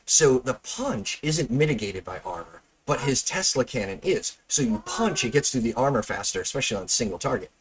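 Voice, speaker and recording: A man's voice: mid-range voice, animated, a little fast, hardly any pauses, a crowd in the background. A man hosting a casual gameplay review, chatty and explaining as he goes. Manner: chatty, explains with stops and restarts. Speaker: host, game reviewer.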